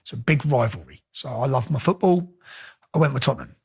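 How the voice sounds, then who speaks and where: A middle-aged English man telling stories casually as an interview guest, animated and swearing freely. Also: medium pitch, fairly quick, gravelly, breathy edge. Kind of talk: casual storytelling.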